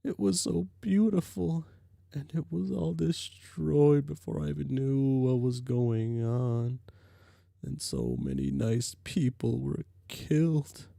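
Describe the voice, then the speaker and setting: A man's voice: mid-range voice, animated, slow pace, vocal fry, warm tone, dry recording, studio quality, full character voice. A man voicing a young grieving female dog-spirit who whimpers and sobs as he reads a webcomic aloud. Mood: anguished. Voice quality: sobbing, whimpering. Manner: tearful, self-pitying. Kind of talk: reading a webcomic aloud in voices.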